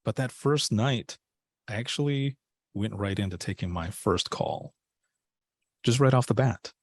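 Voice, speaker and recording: Guy w a lowish voice telling his story on a podcast, dry mic, does the voices of ppl he quotes. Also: measured pace, vocal fry, dry recording. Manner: animated storyteller acting out quoted dialogue. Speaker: podcast guest, former dispatcher. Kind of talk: casual storytelling.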